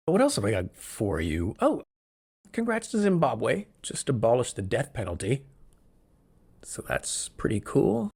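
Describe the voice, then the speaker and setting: A man hosting a solo podcast, talking in an excitable, rambling, jokey way from a room where he records alone. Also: fairly low pitch, moderate pace, gravelly, husky. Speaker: podcast host. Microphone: podcast microphone, also filmed.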